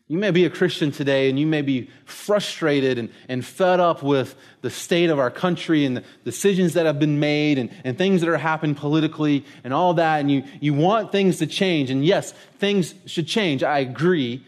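Male pastor, middle-aged, slightly higher-pitched, lively storytelling sermon delivery. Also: normal speed, few pauses. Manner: storytelling, animated, conversational preaching.

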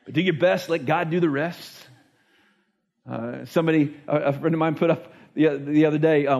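Earnest, slightly high-voiced male preacher. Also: steady tone, normal speed, vocal fry, a little mellow, highs cut off. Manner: earnest, repeats words while restarting thoughts; acts out quoted speech with voices. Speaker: pastor. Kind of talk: conversational sermon.

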